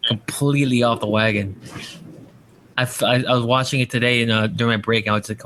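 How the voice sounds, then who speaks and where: A man's voice: medium pitch, fairly even intonation, a little fast, fairly bright tone, a little hiss or hum. Rambling, profane male podcast host. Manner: profane, rambling with many restarts. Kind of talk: casual chat.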